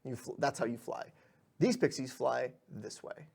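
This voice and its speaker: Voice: medium pitch, moderate pace, creaky, a little mellow, slightly rough. A game master narrating a tabletop game in a loose, hesitant way with many fillers.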